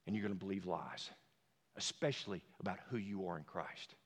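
A man preaching a sermon as a pastor, emphatic, dropping to a hush and then rising to shouts. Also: sits low, a little fast, husky. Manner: emphatic, swings from hushed to shouting. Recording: long hall reverb.

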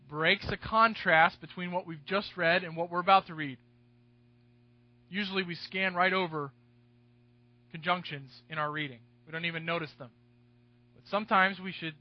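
A male pastor delivering an expository sermon in a fairly high voice. He hammers key words with sudden force, then sinks into quiet, confiding asides. The recording is dry and a little dull, with little sense of the room. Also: no room sound. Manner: emphatic, swinging between loud stresses and hushed asides.

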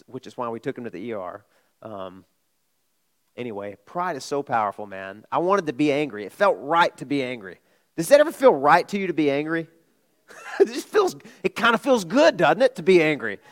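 Middle-aged pastor preaching with big swings. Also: male voice, on the high side, very animated, normal speed. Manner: conversational, with restarts and sudden swings from loud to hushed. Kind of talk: sermon with a personal story.

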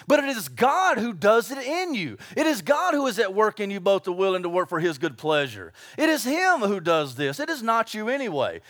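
Animated high-voiced man preaching. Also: dry recording, studio quality. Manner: animated storytelling with acted-out voices. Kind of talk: sermon.

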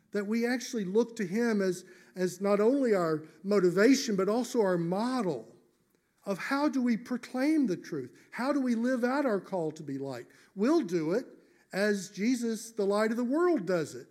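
A high-pitched male pastor delivering a sermon. He speaks earnestly and with emphasis, stretching out key phrases slowly. At times his voice drops almost to a whisper. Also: a little mellow.

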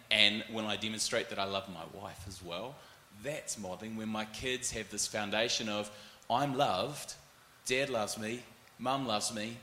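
A man in his forties with a New Zealand accent, telling animated stories as a panelist and acting out other people's voices. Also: mid-range voice, echoey room, slight background noise. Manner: animated, acts out voices in anecdotes. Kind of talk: storytelling panel talk.

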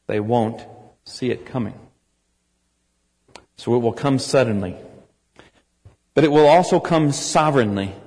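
Brief: American male preacher, mid-pitched, earnest sermon delivery, long hall reverb. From United States. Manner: earnest, rising to forceful emphasis.

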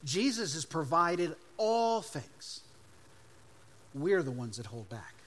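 Emphatic preacher, a fairly high male voice. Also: big pitch swings, slow pace. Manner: emphatic preaching, swinging between loud and hushed. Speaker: pastor. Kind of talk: sermon.

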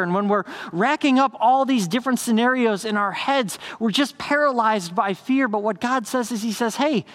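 A man preaching a sermon as a pastor, earnest, telling stories with rising excitement and dropping to hushed, slow emphasis. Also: high-pitched. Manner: earnest, builds to excited storytelling then slows to hushed emphasis.

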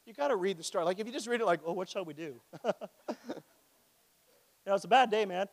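A man preaching a sermon, retelling a story with animated storytelling and acted-out quotes. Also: sits high, brisk, vocal fry, long pauses, big-room sound.

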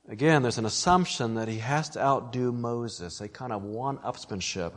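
A man's voice: medium pitch, moderate pace, hardly any pauses. Earnest male preacher in a reverberant hall. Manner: earnest, emphatic, addresses listeners as friends. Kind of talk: expository sermon.

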